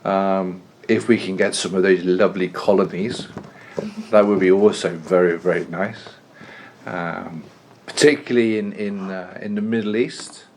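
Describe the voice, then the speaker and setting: Brief: a male history teacher with a lowish voice, lecturing casually with jokes and restarts. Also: steady tone, a little slow, darkish tone, a little hiss or hum. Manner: chatty, jokey, with frequent restarts. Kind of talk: classroom lecture.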